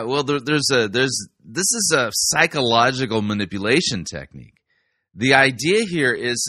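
A man's voice: mid-range voice, bright, forceful tone, no room sound. A man giving sarcastic commentary on a sermon clip, explaining it as a manipulation technique. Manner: sarcastic and dry. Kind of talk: critical commentary.

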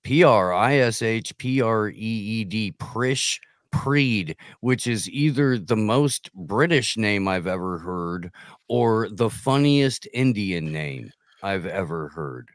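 A man guesting on a podcast, chatting casually with a deadpan, hesitant delivery. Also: on the low side, slow pace, no room sound, studio quality. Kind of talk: casual comedic chat.

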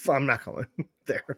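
A man's voice: dry recording, clean studio sound. A man co-hosting a podcast in casual chat, swearing freely and acting out the people in his stories. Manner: animated, profane, acts out quoted voices. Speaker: podcast co-host.

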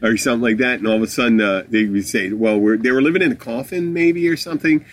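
A man's voice: medium pitch, fast talker. A man co-hosting a podcast in casual chat, rambling and crude with a joking manner. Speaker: podcast co-host.

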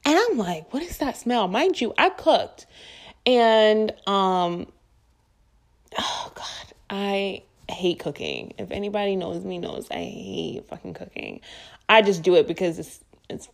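Young woman vlogger venting, cusses a lot, blunt and animated. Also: medium pitch, takes it slowly, vocal fry. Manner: profane, blunt, animated storytelling. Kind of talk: casual ranting monologue.

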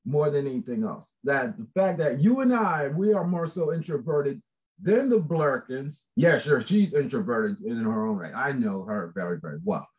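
A man chatting casually about a book project, rambling, animated and laughing often. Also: mid-range voice, moderate pace, highs cut off. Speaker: book contributor. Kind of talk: casual chat.

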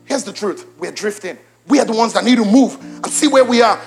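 A young man preaching a sermon to his congregation, animated, swinging between loud exclamations and hushed emphasis, repeating lines for emphasis. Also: high-pitched, brisk, creaky, faint music behind. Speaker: pastor. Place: church auditorium with congregation.

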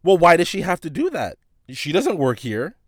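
A man's voice: fairly high pitch, sing-song, normal speed, no room sound, studio quality, voice pushed up. A man voicing an indignant young woman who defends her friend in a sassy, dismissive way.

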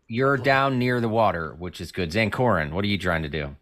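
A man narrating as game master of a tabletop role-playing game, laid-back and halting. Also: lowish voice, fairly bright tone. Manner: laid-back, hesitant with ums and restarts.

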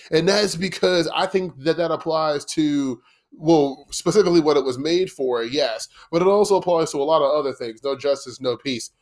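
A man's voice: a little high, a little mellow. Blunt profane man ranting on his podcast. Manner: blunt, profane, rambling with frequent "okay?" asides. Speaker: podcast host. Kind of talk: solo podcast monologue.

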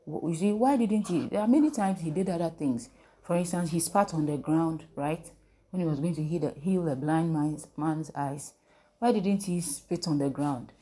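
A woman leads a Bible lesson and keeps asking her listeners questions so they answer back. Her voice sits low and sounds mellow and warm. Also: moderate pace. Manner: call-and-response, asks the listeners questions. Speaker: preacher. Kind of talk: interactive Bible teaching.

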